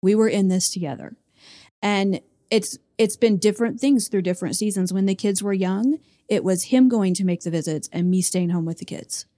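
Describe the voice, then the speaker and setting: A woman's voice: medium pitch, normal speed, warm tone. A woman, a pastor's wife, sharing reflective, heartfelt answers in an interview.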